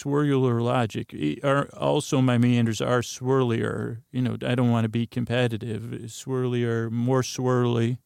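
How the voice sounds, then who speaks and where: A man's voice: mid-range voice, darkish tone, no room sound, clean studio sound. A man hosting a sleep podcast, talking in a meandering, self-correcting ramble full of fillers and drifting asides. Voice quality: creaky, gravelly. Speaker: podcast host. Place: closet. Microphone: close studio mic.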